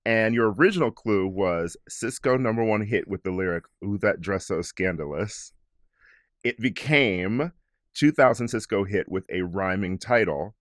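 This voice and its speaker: A man hosting an interview, asking curious questions in a relaxed, conversational way. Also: fairly low pitch, moderate pace, dry recording, clean studio sound. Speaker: podcast host.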